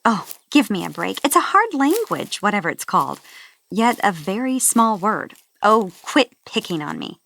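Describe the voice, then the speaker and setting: A woman reading the part of a curious, spirited young woman who is eager and lightly flustered, pitched up from her narration. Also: very animated, normal speed, creaky, fairly bright tone, full character voice.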